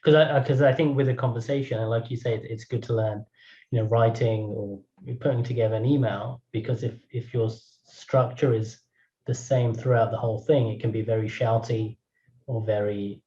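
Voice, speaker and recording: A man hosting a webinar, chatting with his guest in a thoughtful, halting way over a video call. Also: mid-range voice, fairly even intonation, dark tone. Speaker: webinar host. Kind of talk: casual chat. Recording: dull echoey room audio.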